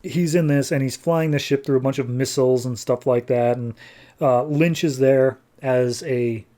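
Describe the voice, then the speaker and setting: A man's voice: mid-range voice, fairly even intonation, moderate pace, dark tone. Chatty man recapping a comic. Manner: chatty, loose, filler-heavy summarizing. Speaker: podcast host. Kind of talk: casual comic book review.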